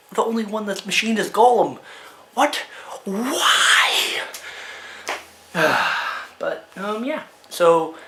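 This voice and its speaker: A man ranting to camera in a casual opinion video, firing off exasperated rhetorical questions and talking fast in bursts. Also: high-pitched, a bit bright, a little hiss or hum. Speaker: card game video creator.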